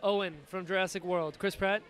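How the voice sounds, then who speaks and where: A man hosting a podcast in casual chat, easygoing and quick to laugh, with short agreeing replies. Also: high-pitched, fairly even intonation, fairly bright tone. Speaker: podcast host.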